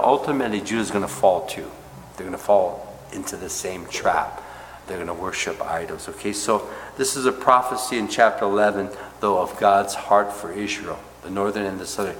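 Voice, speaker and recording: A low-pitched man preaching in an echoey church hall, where a long reverb trails each phrase. He teaches conversationally, tossing in "right?" and "okay?", and sinks to near-hushed tones at tender moments. Faint background noise sits beneath the roomy sound. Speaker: pastor teaching a Bible study. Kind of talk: expository sermon.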